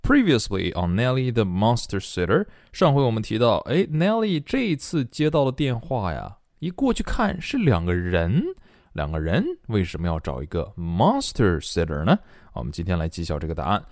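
Animated Chinese man teaching English. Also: fairly low pitch, no echo, clean studio sound. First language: Mandarin. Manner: animated, playful explaining. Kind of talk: bilingual reading class.

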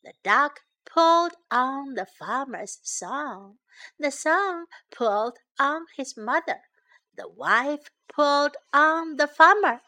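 A woman reading a children's story aloud in two languages and teaching English, slowly and clearly repeating phrases for learners. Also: high-pitched. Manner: lively storybook delivery.

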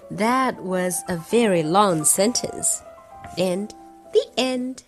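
A woman's voice: mid-range voice, faint music behind. A woman reading a children's storybook aloud to her child, stopping to explain parts of it along the way. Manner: slow, lively reading with explanations in between. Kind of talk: bilingual storybook read-aloud.

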